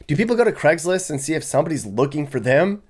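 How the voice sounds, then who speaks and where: A man's voice: fairly high pitch, sing-song, quick pace, slightly rough. A young man giving casual, sarcastic commentary on a series of maps, chuckling as he goes. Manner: wry, sarcastic, chuckles often. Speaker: vlogger.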